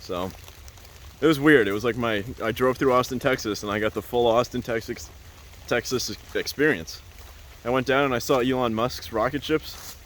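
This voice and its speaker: A man's voice: mid-range voice, normal speed, fairly bright tone, a little hiss or hum. A man telling a casual, rambling story as a vlogger, full of "like" and "uh" and laughing often.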